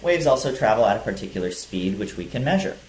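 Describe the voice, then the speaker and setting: A man's voice: fairly low pitch, sing-song, quick pace, darkish tone. A male teacher giving a physics lecture, explaining step by step with some fillers. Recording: echoey room with faint hiss.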